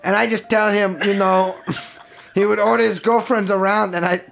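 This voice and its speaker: A man's voice: high voice, flat delivery, normal speed, vocal fry, a bit bright. A man voicing an evasive male Russian bodyguard and trainer in a comedic interview reenactment, speaking broken English in a put-on Russian accent that drifts toward German and Polish. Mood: insistent. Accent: put-on Russian, slipping toward German and Polish. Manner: broken English, defensive, denies everything.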